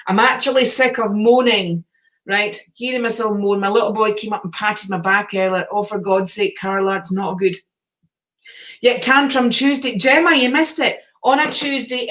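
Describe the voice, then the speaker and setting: A woman's voice: mid-range voice, a bit bright. Chatty encouraging woman on a live stream. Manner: chatty, encouraging, swears casually. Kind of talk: casual live-stream chat reading viewer comments.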